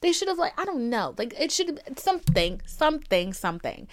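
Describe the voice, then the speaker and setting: A young woman with a slightly high voice rants about her life on a podcast. She swears a lot and jumps into animated put-on voices when she quotes others. The talk is loose and dramatic, like chatting with a friend. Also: a little fast, a little hiss or hum. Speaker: podcast host. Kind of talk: casual storytelling rant.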